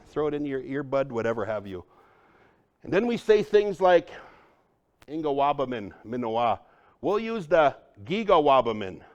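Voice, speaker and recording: An energetic man leads a workshop, teasing and coaching his listeners as he goes. He speaks at a middle pitch. The sound is dry and close, with no room echo. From Upper Midwest, United States. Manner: energetic, joking, addresses the crowd as folks. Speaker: cultural trainer. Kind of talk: lively workshop presentation.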